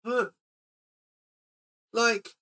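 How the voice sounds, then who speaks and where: A man hosting a casual film podcast, retelling scenes in a rambling, animated way. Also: drawn-out words. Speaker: podcast host.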